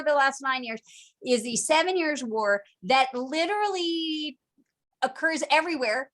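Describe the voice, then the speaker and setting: Brief: woman, higher voice, casual teacher on a video call, jokey and lively. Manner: chatty and animated, acts out historical figures in jokey quoted voices. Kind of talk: casual online lecture.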